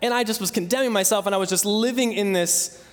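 A man's voice: sits high, quick pace, in a large hall. A young man in his twenties preaching a sermon, earnest and conversational, telling a personal story. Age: 20s. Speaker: pastor.

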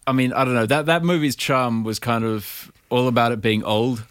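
A man's voice: mid-range voice, fairly even intonation, moderate pace, clear, resonant tone, dry recording, clean studio sound. Blunt, sardonic male podcast co-host. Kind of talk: casual chat.

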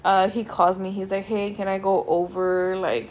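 A young woman tells a story on her podcast in a loose, casual way. Her talk is full of swearing and filler words, and she sounds worn out and unhurried. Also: medium pitch, little pitch movement, a little mellow. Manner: sweary, laid-back, drawn-out and tired. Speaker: podcast host.

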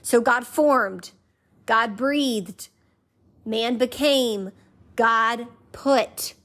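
A woman's voice: a little high, drawn-out words, a bit bright. A woman hosting a faith podcast, teaching conversationally and repeating key phrases in an emphatic rhythm while inviting listeners to say them back. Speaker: podcast host.

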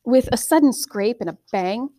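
Female audiobook narrator, steady and measured, dry close sound. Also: fairly high pitch, no echo. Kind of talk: scripted fantasy novel narration.

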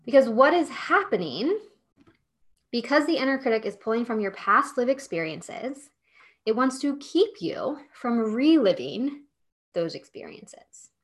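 A woman's voice: a little high, sing-song, unhurried. A woman hosting a solo podcast, coaching business owners in a chatty, emphatic way with lots of "like" and "okay?".

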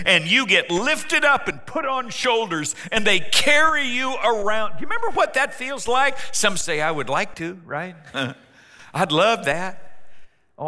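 Brief: joking male pastor, bright forceful tone, lively pitch, long hall reverb. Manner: animated, joking storyteller. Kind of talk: sermon.

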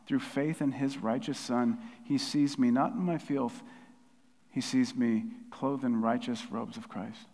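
Middle-aged male pastor, fervent sermon delivery, higher voice, long hall reverb. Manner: impassioned, swelling from quiet to loud. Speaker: preacher.

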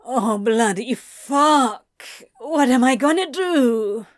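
A woman's voice: very slow, no room sound, clean studio sound. A woman reading aloud, voicing a flustered, foul-mouthed male demon who exclaims and grumbles in a raised voice. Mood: dismayed. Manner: swearing, exclaiming, rising to a higher pitch. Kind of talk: amateur audiobook reading.

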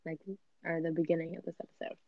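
A woman's voice: deep voice, monotone, fast, dry recording. A young woman co-hosting a casual podcast chat, easygoing and hesitant, talking through earbuds. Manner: easygoing, hesitant, filler-heavy. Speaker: podcast co-host. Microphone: AirPods. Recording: dull, dry earbud mic sound.

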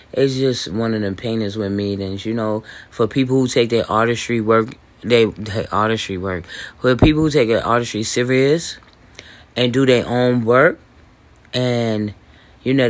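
A man hosting a podcast, talking in a loose, boastful monologue full of fillers, restarts and swearing, with hiccups and throat clearing. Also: mid-range voice. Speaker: podcast host. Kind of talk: rambling casual monologue. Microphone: voice message recording.

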